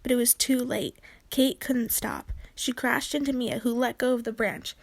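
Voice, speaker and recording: A woman reads a children's book aloud with clear, expressive storytelling. Her voice sits fairly high. The recording is dry and close. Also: normal speed, no room sound. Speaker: narrator.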